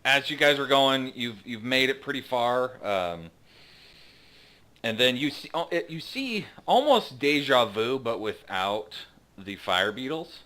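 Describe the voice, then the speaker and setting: A man narrating a tabletop game as game master, halting with many fillers. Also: medium pitch, lively intonation, bright, forceful tone.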